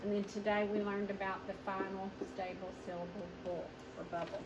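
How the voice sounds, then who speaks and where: A woman teaching a phonics lesson, sounding out each word slowly syllable by syllable and encouraging her young students. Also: medium pitch, flat delivery. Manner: slow, sounding out words syllable by syllable. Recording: echoey room, mic far off, noisy.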